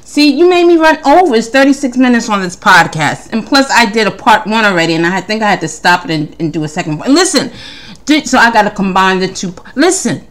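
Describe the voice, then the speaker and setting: Playful podcast woman, bright and lively. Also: on the high side, normal speed. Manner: playful, teasing, laughs often, rambling restarts. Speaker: podcast host. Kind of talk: casual comedic monologue.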